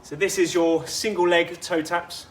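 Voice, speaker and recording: A man's voice: high voice, fairly even intonation, unhurried, a bit bright, slight background noise. A man coaching a workout outdoors, chatty and instructive with personal asides. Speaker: fitness coach.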